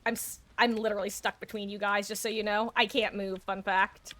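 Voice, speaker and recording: A woman's voice: mid-range voice, flat delivery, brisk, sharp tone, soft background music. A woman giving chatty, self-mocking live commentary on her game, laughing often. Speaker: streamer.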